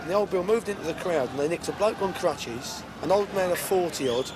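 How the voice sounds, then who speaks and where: A football supporter telling a story in a wry, amused way. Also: male voice, high-pitched, lively intonation, brisk. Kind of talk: telling an anecdote in an interview. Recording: street noise outdoors.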